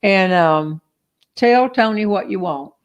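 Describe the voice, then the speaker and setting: A woman's voice: mid-range voice, lively intonation, takes it slowly. An older woman with a Southern US accent, hosting a casual, teasing, folksy chat on a back porch. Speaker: host.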